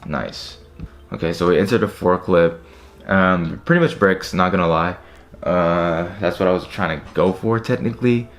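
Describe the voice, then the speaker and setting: Deep-voiced young man venting while shopping. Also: moderate pace. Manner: frustrated, swearing, talking to viewers. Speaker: streetwear vlogger. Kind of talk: casual live commentary.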